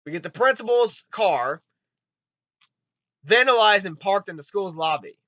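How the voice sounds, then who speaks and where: A man giving a rambling, excitable spoken movie review, swearing often and retelling scenes with quick put-on voices. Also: high voice, no echo, dull audio. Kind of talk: casual spoken film review.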